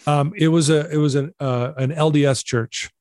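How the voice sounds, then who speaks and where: A middle-aged man recounting a personal story as an interview guest, earnest and animated, acting out the dialogue. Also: fairly high pitch, moderate pace, no echo.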